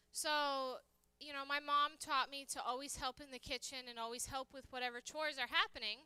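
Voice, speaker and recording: Bright high-voiced woman chef. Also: clear, resonant tone, dry recording. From United States. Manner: chatty, anecdotal, talks while working. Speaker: guest chef. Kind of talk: live cooking demonstration with storytelling. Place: church hall kitchen demonstration.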